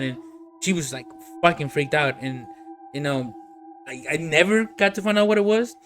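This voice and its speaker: Excitable man hosting a podcast. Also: on the high side, fairly quick, background noise. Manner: excitable, swears a lot, loud reactions. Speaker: podcast host. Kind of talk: casual podcast chat.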